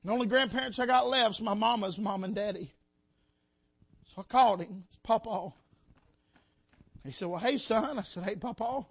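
A preacher's strikingly high, ringing voice, bright and forceful with a breathy edge, fills a church sanctuary during his sermon. Pausing often at a moderate pace, he swells and drops with passion, calling out to his congregation from the pulpit.

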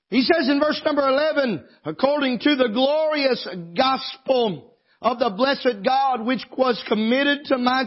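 Pastor preaching fervently in church, very high and husky, dull lo-fi sermon recording. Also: male voice. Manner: fervent preacher, swings from quiet reading to impassioned, tearful shouting.

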